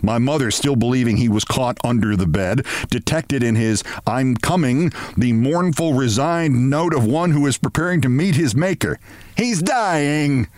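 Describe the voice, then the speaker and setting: A man, the host of the show, reading a comic story aloud in a lively, theatrical manner, recorded in a studio. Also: medium pitch, moderate pace, hardly any pauses, dry recording.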